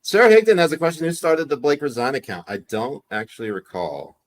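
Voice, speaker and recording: A man's voice: a little high, expressive, fairly quick. A man co-hosting a podcast in casual chat, with a joking, mock-serious manner. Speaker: podcast co-host.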